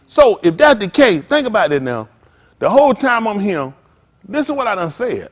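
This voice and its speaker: A man's voice: high-pitched, sing-song, moderate pace. A man preaching a sermon as pastor, with call-outs to listeners and acted-out asides.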